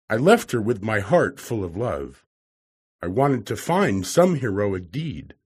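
Male narrator for a storybook; husky, mid pitch, very lively intonation. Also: unhurried. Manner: expressive, acts out each character. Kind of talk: storybook reading.

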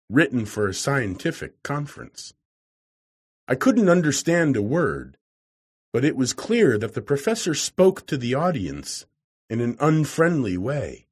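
Male narrator for a storybook; husky, mid pitch, very lively intonation. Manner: expressive, acts out each character. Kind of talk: storybook reading.

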